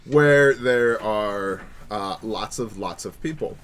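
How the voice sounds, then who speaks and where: A man's voice: on the low side, slow pace. A man hosting a casual livestream chat, joking and bantering with his co-host. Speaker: podcast host.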